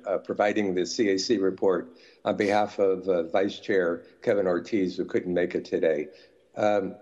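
Hesitant low-voiced man on a dull remote line. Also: darkish tone. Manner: hesitant, with fillers. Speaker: advisory committee member. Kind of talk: giving a report.

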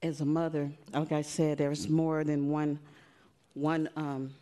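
A grieving mother speaking at a podium during public comment at a city commission meeting, emotional and halting, often soft. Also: low voice, flat delivery. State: emotional, holding back tears.

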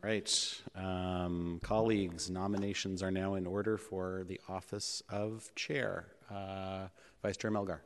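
A man's voice: low-pitched, level tone, slow pace. A man chairing a public board meeting in a city hall chamber, running procedure with frequent ums and uhs. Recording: echoey chamber with long reverb.

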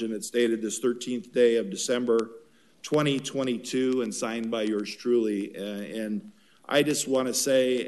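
A man serving as mayor, reading a formal proclamation at a city council meeting with brief casual asides. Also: mid-range voice.

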